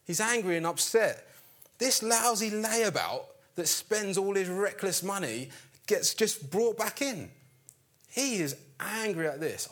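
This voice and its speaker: A man preaching a sermon in an animated storytelling way, acting out the characters' lines. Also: high voice, unhurried.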